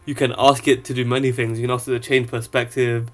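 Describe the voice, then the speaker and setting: A man's voice: mid-range voice, flat delivery, quick pace. A man casually showing off an app he built, rambling with lots of fillers. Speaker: app developer. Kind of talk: casual product demo.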